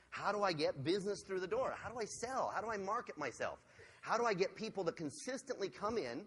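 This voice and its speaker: Man, sales trainer, husky voice, lively animated pitch, energetic seminar talk, long hall reverb. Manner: energetic, asks the audience questions. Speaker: sales trainer and keynote speaker. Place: large hall with a live audience.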